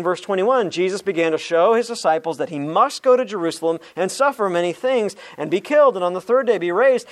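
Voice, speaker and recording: A man preaching a sermon as a pastor, earnest and direct, calling his listeners friends. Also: sits high. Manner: earnest, addresses listeners as friends, some restarts.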